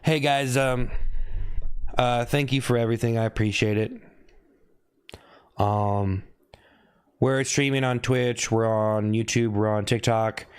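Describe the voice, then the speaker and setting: A man's voice: mid-range voice, fairly even intonation, takes it slowly, long pauses, smooth. A young man hosting a casual livestream, teasing viewers by name and repeating his jokes. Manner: teasing, repeats himself, calls out chat names. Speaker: livestream host.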